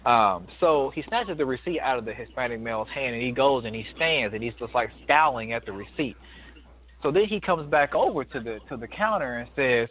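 Thirties male caller, tinny phone sound, animated storyteller who restarts often. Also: medium pitch, a little fast. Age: 30s. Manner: emphatic, animated retelling with many restarts. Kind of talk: casual storytelling.

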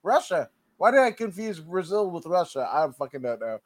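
A man's voice: on the high side, big pitch swings, a little fast, no echo. A man co-hosting a fight show, chatting casually with loose, profane, joking asides. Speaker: MMA show co-host.

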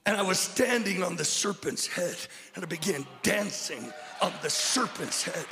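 A man preaching a sermon at a church service as a guest speaker, emphatic and stammering, swinging from shouts to hushed words. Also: high-pitched, animated, normal speed, few pauses, big-room sound, faint music behind, some chatter behind.

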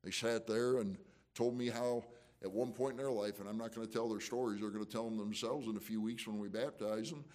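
A man's voice: on the low side, fairly even intonation, a little fast, a little mellow. A man preaching a sermon as pastor, conversational and fervent, with emotional surges, frequent restarts and folksy asides.

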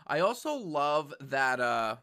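Male reaction host, casual and quippy, bright tone with a bouncy, animated delivery. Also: fairly high pitch, slow, clean tone. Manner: chatty, wisecracking, talks back at the screen. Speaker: reaction commentator. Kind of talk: casual commentary over a show.

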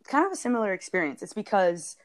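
A woman's voice: medium pitch, big pitch swings, fast. A woman in her thirties in casual conversation, effusive and chatty, laughing easily as she talks. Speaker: podcast co-host.

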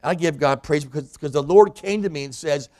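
A man's voice: on the high side, brisk, darkish tone. A man preaching a sermon in a church, a pastor and hospital chaplain who acts out the voices of people in scripture.

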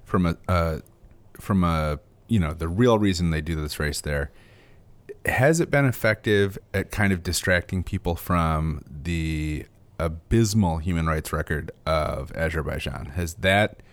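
Deep-voiced deadpan podcast host man. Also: measured pace, no echo. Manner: deadpan sarcastic joking. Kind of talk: casual podcast chat.

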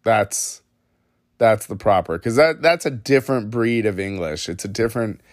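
A man's voice: fairly low pitch, moderate pace, no room sound, clean studio sound. A man hosting a solo podcast, ranting in a rambling, self-mocking, profane way. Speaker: podcast host.

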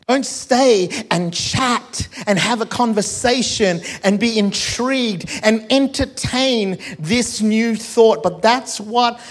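A man's voice: extremely high pitch, slow, few pauses. A male pastor preaching a sermon, urging the congregation with call and response and joking asides.

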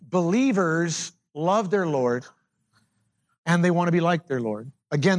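A middle-aged man preaching a sermon as pastor, moving between loud emphatic declarations and quiet low asides.

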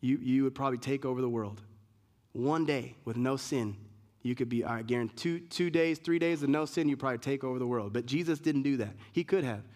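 A man's voice: mid-range voice, a little fast, darkish tone. A male pastor preaching an emphatic sermon, building points through repeated lists and restarts. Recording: long reverb of a large hall.

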